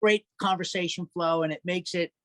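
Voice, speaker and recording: A man's voice: sits high, steady tone, moderate pace, a bit bright, no room sound. A man guest telling stories in a casual interview, chatty and laughing often. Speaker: musician guest.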